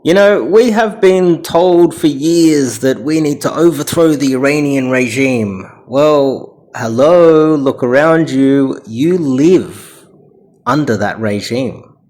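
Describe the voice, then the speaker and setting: A man's voice: medium pitch, lively intonation, slow, a little mellow. A man with an Australian accent giving reaction commentary in a ranting, sarcastic manner.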